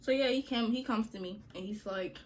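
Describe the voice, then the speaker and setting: A woman's voice: a little high, a little fast, darkish tone, a little hiss or hum. A young woman vlogger telling a story to her viewers in a chatty, slangy way, often calling them y'all.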